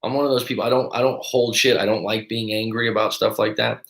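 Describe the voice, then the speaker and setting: A man's voice: fairly low pitch, quick pace, gravelly, few pauses. Man telling a story in a roomy echo. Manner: animated, acts out other people's lines. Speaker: breakup coach. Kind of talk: casual storytelling.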